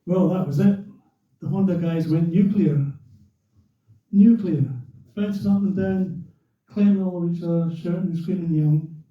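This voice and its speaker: An older man, a former racer, telling a lively story to a club audience and acting out the voices of the people in it. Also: fairly high pitch, normal speed. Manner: animated, acts out quotes and a commentator's voice. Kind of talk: anecdotal storytelling. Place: club room. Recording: echoey hall from far off, dull lo-fi.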